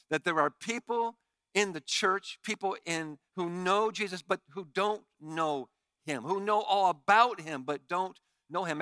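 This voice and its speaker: A man preaching a sermon as pastor, reading scripture in an animated, emphatic way. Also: high voice, no echo.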